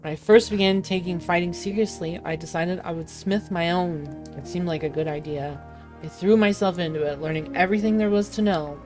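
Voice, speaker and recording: A woman reading the lines of a driven young woman fighter in a game, in an earnest, measured voice. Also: fairly low pitch, a little mellow, soft background music, close to an everyday voice. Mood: solemn.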